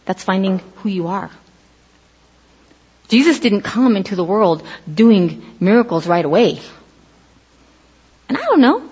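A middle-aged woman giving a casual sermon, telling stories with lively acted-out quotes. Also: medium pitch, breathy edge. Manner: animated storytelling, acts out quoted voices. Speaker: preacher. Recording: dull lo-fi audio in a reverberant hall.

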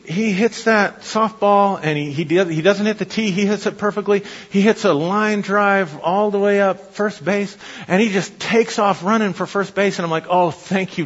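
A middle-aged man preaches with a husky, rather high voice, spinning anecdotes with frequent laughs and restarts. The sound is dull and lo-fi, with a long reverb trailing off the walls of a church hall. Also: normal speed. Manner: animated storytelling, laughs often, repeats words. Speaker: pastor. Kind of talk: sermon.

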